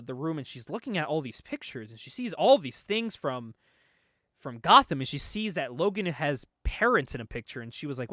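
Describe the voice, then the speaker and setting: A man's voice: a little high, fairly bright tone, no room sound, clean studio sound. A man casually recapping a comic book, laughing often and acting out the lines he quotes. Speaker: podcast co-host.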